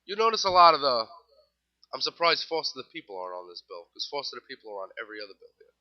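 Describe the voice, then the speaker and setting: A man's voice: medium pitch, sing-song, quick pace. A young man with a New York accent hosting a casual music news show, reading off festival lineups with wry, offhand asides. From New York City. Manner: wry, offhand asides while rattling off lists. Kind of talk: casual solo commentary. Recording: slightly dull lo-fi recording.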